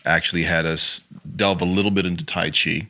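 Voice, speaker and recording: A man's voice: sits low, steady tone, fairly quick, sharp tone. A man speaking as a guest on an interview, an acting and improv teacher talking casually with many "you know" fillers.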